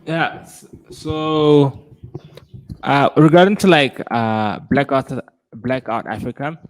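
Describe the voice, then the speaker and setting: A man's voice: mid-range voice, takes it slowly, no room sound. Jokey man asking questions, dry sound. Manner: jokey, hesitant with fillers. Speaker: co-host. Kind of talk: casual interview chat.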